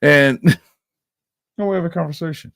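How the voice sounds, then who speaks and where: A man's voice: on the high side, slow, creaky, a bit bright, dry recording. An angry young man ranting in a profane commentary, reacting to clips and swearing constantly.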